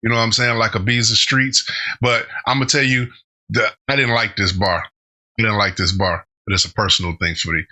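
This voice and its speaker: A man's voice: lowish voice, fairly even intonation, brisk, sharp tone. A man hosting a reaction channel, giving casual commentary and going off on rambling tangents with frequent laughter.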